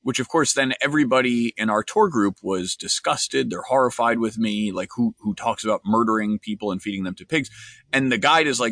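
A man's voice: medium pitch, a little fast, fairly bright tone, no echo. A man hosting his own podcast, telling a wry story and then giving an earnest analysis in a solo monologue. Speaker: podcast host.

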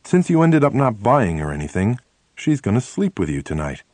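A steady, unhurried mentor, voiced by a man reading the story, calm and completely sure of himself. His voice sits low and settled, and the recording is close and dry. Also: dry recording. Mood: calm assurance. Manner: calm, assured, matter-of-fact. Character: calm, confident older man, a seasoned mentor.

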